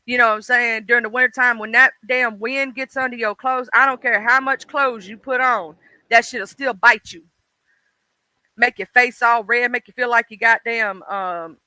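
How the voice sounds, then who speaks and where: A man from Mississippi with a Deep South accent, rambling in folksy casual chat with his livestream viewers and greeting them by name. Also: pushed and bright, no room sound. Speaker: livestream host.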